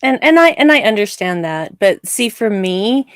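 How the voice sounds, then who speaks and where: A woman hosting a live discussion show, giving opinionated, animated takes with laughing asides. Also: medium pitch, moderate pace, no room sound, clean studio sound. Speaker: show host.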